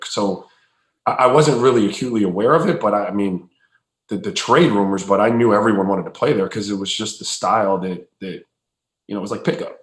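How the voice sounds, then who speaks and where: A former basketball player telling stories in a relaxed, casual way. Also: male voice, fairly low pitch, brisk. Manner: relaxed, storytelling, many fillers. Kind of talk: casual storytelling. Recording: roomy echo.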